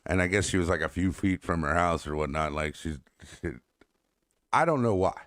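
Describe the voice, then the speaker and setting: A man with a very deep voice chats loosely on a talk show and rambles from one story to the next. He laughs often, swears freely and sounds close and dry, with no room around him. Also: normal speed, a bit bright, no echo. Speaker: podcast co-host. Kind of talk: casual chat.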